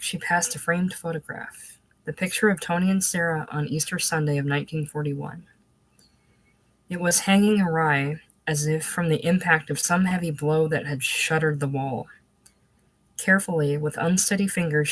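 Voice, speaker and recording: A woman narrating a literary novel in a measured, even manner. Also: deep voice, no room sound, poor audio. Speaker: audiobook reader.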